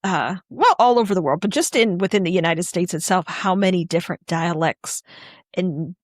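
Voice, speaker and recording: A woman's voice: lowish voice, normal speed, no room sound. Chatty woman, dry close sound. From Northwestern Pennsylvania. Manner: rambling, chatty, full of restarts. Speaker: podcast co-host. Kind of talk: casual chat.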